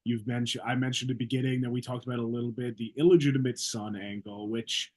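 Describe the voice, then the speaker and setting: A man's voice: medium pitch, steady tone, quick pace, breathy edge. A man hosting a casual podcast interview, asking encouraging follow-up questions. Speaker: podcast host.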